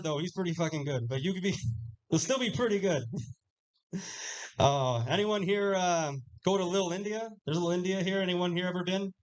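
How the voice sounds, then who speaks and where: A man's voice: high voice, fairly quick, rough recording. A young man doing a live stand-up set on a small lounge stage, offhand and swearing, laughing at his own jokes. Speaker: stand-up comedian.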